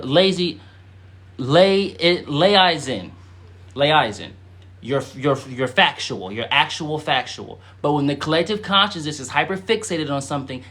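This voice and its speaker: Excitable high-voiced man teaching live. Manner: animated, with sudden loud emphatic bursts and many fillers. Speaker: spiritual teacher hosting a live stream. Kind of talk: casual live-stream teaching, reading chat comments.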